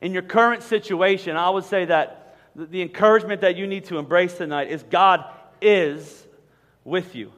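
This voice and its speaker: High-voiced pastor preaching in a big hall. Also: male voice, moderate pace, fairly bright tone. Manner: conversational, frequent word repetitions and humorous asides. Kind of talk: sermon. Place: large church auditorium. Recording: long hall reverb.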